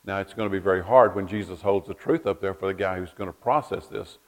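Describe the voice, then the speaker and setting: Guy preaching a sermon, kinda low voice, folksy and repeats himself as he goes. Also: fast talker. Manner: folksy storytelling, repeats words as he builds a point. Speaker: pastor.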